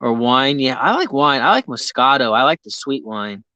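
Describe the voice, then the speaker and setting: A man's voice: medium pitch, sing-song, moderate pace, pushed and bright, no room sound, muffled recording. An American man hosting a casual chat, rambling and full of filler words. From United States. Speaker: host.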